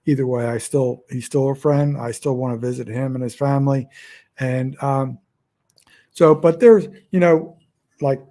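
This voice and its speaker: Indoors at home, a middle-aged outdoors vlogger from Delaware with a Northern US accent speaks into his phone's front camera in a casual, rambling, self-deprecating way. His voice is mid-range, steady, unhurried, and mellow, and he meanders and restarts often.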